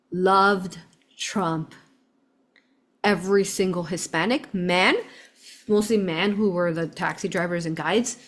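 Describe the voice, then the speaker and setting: A woman's voice: medium pitch, fairly bright tone. Fervent woman vlogger, rambling. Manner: rambling and fervent, often addresses listeners as "you all". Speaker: spiritual vlogger. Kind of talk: casual direct-to-camera storytelling.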